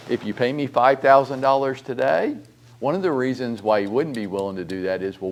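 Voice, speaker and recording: A middle-aged real estate broker with a mid-range voice delivers a training talk. He's blunt and animated, firing off rhetorical questions and throwing in some mild swearing.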